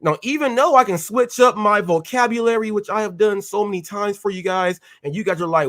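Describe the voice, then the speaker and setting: A man's voice: sits high, a little fast, few pauses, a bit bright. A man hosting a live stream, ranting in a fiery, confrontational way with slangy street talk. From California. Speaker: host. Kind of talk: heated live-stream rant.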